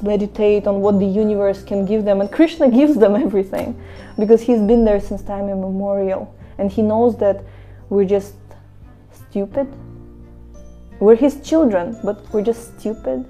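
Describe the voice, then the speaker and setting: A woman from Russia living in India, giving a casual spiritual talk to her viewers and acting out the voices in her stories. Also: medium pitch. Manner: animated storytelling, acts out quoted voices. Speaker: devotional speaker. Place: Mayapur, India.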